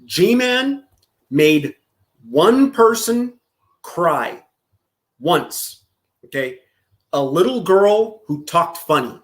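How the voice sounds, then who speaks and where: A man's voice: a little high, animated, slow. A man streaming casual reaction commentary, profane and mocking, often breaking into laughter.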